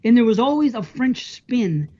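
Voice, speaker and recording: A man's voice: very high-pitched, big pitch swings, normal speed, warm tone, lo-fi sound. An American man hosting a podcast, telling rambling anecdotes in casual chat. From United States. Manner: rambling storyteller, chuckles often. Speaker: podcast host.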